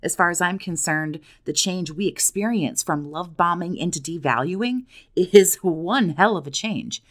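A blunt woman with a somewhat low voice talks straight to her viewers as a survivor coach. She swears freely and keeps pressing them with pointed, challenging questions. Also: measured pace. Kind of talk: direct-to-camera monologue.

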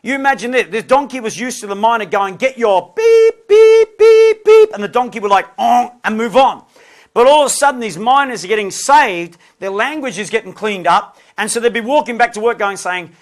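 High-voiced man telling stories in a lesson. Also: fairly quick. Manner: lively anecdotal, conversational asides. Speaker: preacher and lecturer. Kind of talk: lesson with humorous storytelling.

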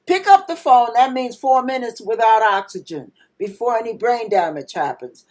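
A woman's voice: fairly high pitch, animated, moderate pace, darkish tone. A woman pastor preaching a sermon in an emphatic manner, acting out panicked cries now and then.

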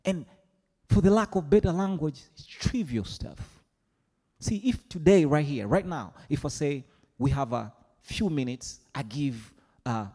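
A male pastor delivers a lively sermon, his fairly high voice swooping up and down. His words ring out with a long reverb from a large church hall. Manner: animated preaching, mimics congregation voices.

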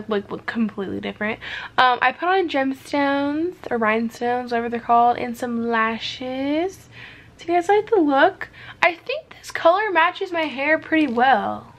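Young woman, slightly high voice, casual candid chat at home, swears and laughs freely. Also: animated, a little slow, fairly bright tone. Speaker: beauty vlogger. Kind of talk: casual chat while doing makeup.

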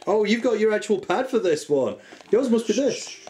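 A man's voice: high-pitched, animated, normal speed, darkish tone, slight background noise. A man hosting a casual video game session with friends, chatty and jokey, often laughing. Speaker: host. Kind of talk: casual chat while playing a video game.

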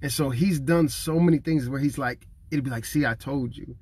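A man's voice: mid-range voice, moderate pace, a little mellow, breathy edge. A man in his thirties preaching to camera in an earnest, conversational way, emotional and near tears. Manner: earnest and conversational, acting out what others say; emotional, fighting back tears.

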